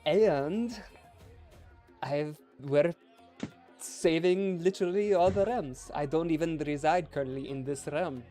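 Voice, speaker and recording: Man, fairly high pitch, tabletop player in character, hesitant, laughs a lot. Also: slow pace, warm tone, faint music behind. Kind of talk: in-character tabletop role-play.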